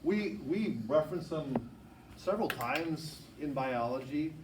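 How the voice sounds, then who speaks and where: A man teaching a biology class, explaining handouts in a quick, informal way and often correcting himself. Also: fairly high pitch, expressive, background noise. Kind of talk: classroom instruction. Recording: echoey classroom, far from mic.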